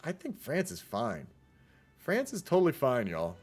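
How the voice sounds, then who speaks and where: A man's voice: medium pitch, wildly swooping pitch, moderate pace, darkish tone, breathy edge, soft background music. Rambling man casting a game. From United States. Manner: rambling, chatty, talks to the chat. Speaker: game caster. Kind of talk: casual strategy game replay commentary.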